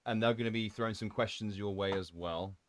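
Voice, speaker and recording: A young man from Birmingham who hosts a stream, chatting casually with a light Birmingham accent in an excitable, rambling way. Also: fairly low pitch, fairly quick, a little hiss or hum. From Birmingham, England. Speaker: streamer host. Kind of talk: casual interview chat.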